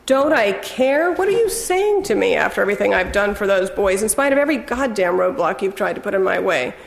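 A woman's voice: mid-range voice, very animated, a little fast, gravelly, reverberant, in a large hall. A woman voicing an angry middle-aged husband who bellows sarcastic retorts at his ex-wife. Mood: furious.

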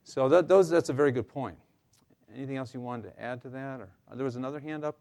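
A man's voice: medium pitch, quick pace, gravelly, dark tone. A man counselor giving an informal workshop talk to a live audience, conversational with fillers and light humor. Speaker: counselor leading a staff workshop.

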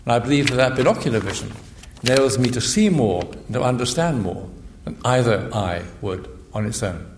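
An older man, a physicist and priest, giving a measured public lecture that explains things step by step. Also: medium pitch, animated, slight background noise. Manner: measured, explanatory, with frequent restarts. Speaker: guest speaker, physicist and priest. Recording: echoey lecture hall.

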